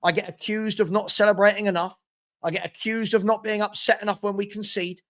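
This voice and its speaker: Man, young adult, high-pitched, live stream host, casual chat, reads viewer comments aloud. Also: fairly even intonation, fairly quick, fairly bright tone. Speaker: watchalong host.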